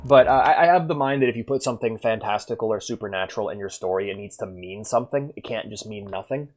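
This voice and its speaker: A man's voice: fairly low pitch, fast talker, darkish tone. A young man streaming a horror game, chatting casually with his viewers in a rambling way full of restarts. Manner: rambling, talks to chat with many likes and restarts. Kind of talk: casual live-stream chat while gaming.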